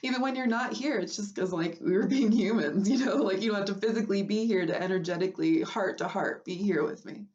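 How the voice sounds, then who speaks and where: A woman's voice: mid-range voice, quick pace, hardly any pauses, darkish tone, distant mic, lo-fi sound, slight background noise. A woman hosting an unplanned live stream, emotional and teary, laughing between sentences and swearing casually. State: tearful. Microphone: phone.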